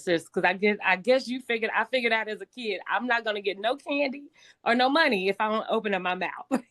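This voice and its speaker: In a personal testimony talk, a middle-aged guest speaker shares her life story in a medium-pitched, slightly raspy voice. She keeps it conversational, often using fillers and restarting her sentences.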